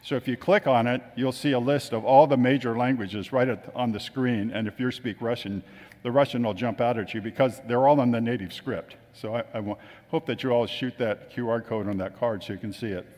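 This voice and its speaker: A man's voice: mid-range voice, steady tone, fairly quick, darkish tone. A man telling chatty anecdotes to a gathering, acting out the voices of the people he quotes. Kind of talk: casual storytelling talk. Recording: long reverb of a hall.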